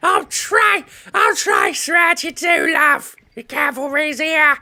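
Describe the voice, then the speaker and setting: A man mimicking a shrill, peppy British heroine. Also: very animated, takes it slowly, gravelly, pushed and bright, raised voice, heavily acted. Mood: perky. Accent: put-on British. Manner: mocking shrill impression of a British accent.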